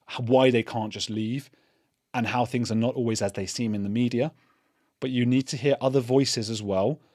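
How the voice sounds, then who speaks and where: A man's voice: medium pitch, darkish tone, no room sound. Earnest man hosting commentary, dry sound. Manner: earnest, thinks aloud with restarts. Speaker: channel host. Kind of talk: casual commentary to camera.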